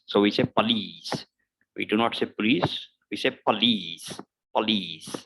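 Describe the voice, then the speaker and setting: A man with a fairly low-pitched voice teaches English pronunciation in an online lesson on a rough recording. He repeats each sample word slowly over and over, filling the gaps between points with casual fillers.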